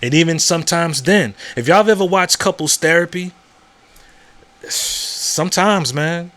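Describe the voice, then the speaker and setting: A man's voice: a little high, a little fast, a bit bright. Frank podcast host man, chatty. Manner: conversational, repeats words and asks "you know what I'm saying?"; frank and profane. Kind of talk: casual monologue.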